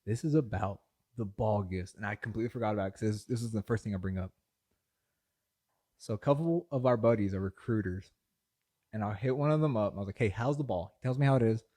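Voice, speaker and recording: A young man co-hosting a casual podcast, telling stories with lots of laughter and his voice jumping high when excited. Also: fast talker. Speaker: podcast co-host. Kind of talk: casual chat.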